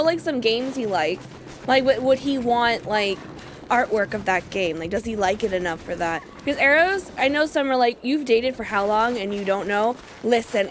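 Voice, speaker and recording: A woman's voice: a little high, slight background noise. Chatty young woman gamer, ranting. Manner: chatty, animated, laughing rants. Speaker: gaming streamer. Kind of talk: casual let's-play chat.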